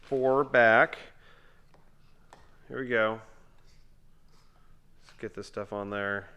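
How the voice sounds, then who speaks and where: Slow-talking dad counting dice aloud. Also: male voice, lowish voice, steady tone, highs cut off. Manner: counts dice and moves aloud in a quiet mutter. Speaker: father playing a tabletop game with his son. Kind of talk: casual tabletop game play.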